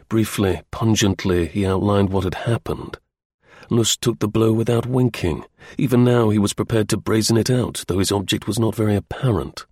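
A man narrating a story in a measured storytelling manner. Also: low-pitched, husky, no echo, clean studio sound. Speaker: audiobook narrator. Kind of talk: scripted narration.

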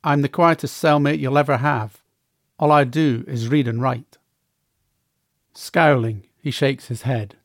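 A man narrating his own memoir in the first person, measured and plainspoken. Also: medium pitch, fairly even intonation, no echo, studio quality.

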